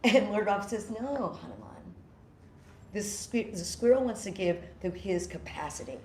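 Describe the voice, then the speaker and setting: A middle-aged woman from New York City giving an animated storytelling talk to a group, laughing and acting out lines. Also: medium pitch, moderate pace, a little hiss or hum. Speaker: yoga teacher giving a spiritual talk. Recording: roomy room with faint ambience.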